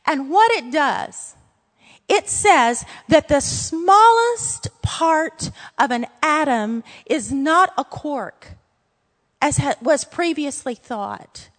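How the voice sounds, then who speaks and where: A woman with a Louisiana accent teaching a Bible lesson in an earnest, emphatic way, breaking off now and then for quick asides. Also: sits high, animated, a bit bright, long reverb tail.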